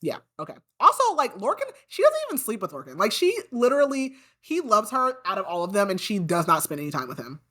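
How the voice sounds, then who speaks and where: A woman's voice: mid-range voice, wildly swooping pitch, fast, few pauses, fairly bright tone. A woman hosting a podcast, recapping a book in a casual, chatty way, full of "like" and indignant asides about the characters. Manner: chatty, peppered with "like". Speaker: podcast host.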